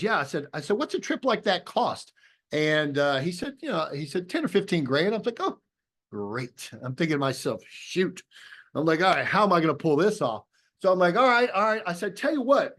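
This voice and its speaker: A man giving a motivational talk to an audience over a video call, telling a story and acting out both sides of remembered conversations. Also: a little high. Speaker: business opportunity presenter.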